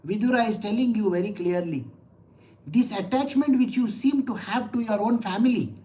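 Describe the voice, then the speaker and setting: A woman's voice: mid-range voice, moderate pace, dark tone. A woman giving a scripture discourse in a blunt, emphatic, conversational way. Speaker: spiritual teacher.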